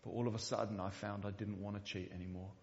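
A man's voice: lowish voice, level tone, quick pace, creaky, long reverb tail, dull audio. A man preaching a sermon in a church, speaking earnestly and often repeating the first word of a sentence. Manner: earnest, repeats words when starting sentences. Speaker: pastor.

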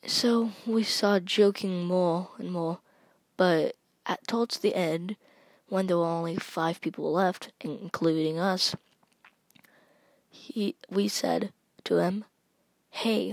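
A woman narrating a spooky first-person story, slow and halting, sometimes dropping to a whisper. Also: on the low side, steady tone, no echo.

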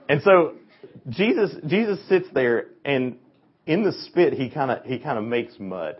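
A man teaching a youth Bible lesson, telling the story in an animated way and acting out the voices of its people. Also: medium pitch, moderate pace, breathy edge. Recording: dull lo-fi recording.

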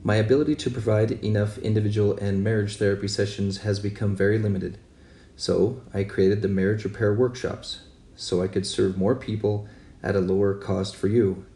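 A man, a marriage therapist, giving a measured, earnest podcast introduction. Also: fairly low pitch, level tone, warm tone. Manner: measured, earnest, spells things out slowly. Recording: roomy distant mic with faint background noise.

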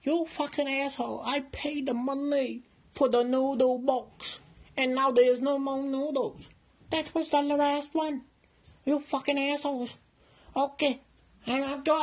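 A man's voice: very high voice, steady tone, unhurried, voice pushed up. A man voicing a hot-tempered adult man who speaks in broken English and angrily accuses a friend of stealing his food, in a comedy skit. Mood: furious. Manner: broken English, insulting, indignant.

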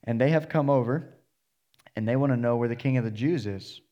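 A man's voice: mid-range voice, fairly quick, dark tone, dull audio. Male pastor, mid-range voice, preaching a casual storytelling sermon and voicing the characters' lines. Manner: storytelling, acting out the characters in plain voice. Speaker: associate pastor.

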